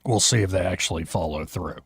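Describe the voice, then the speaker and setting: A man's voice: deep voice, brisk, slightly rough. A man hosting a talk radio show, joking and bantering casually with his co-host in the studio. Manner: wry, joking, animated delivery.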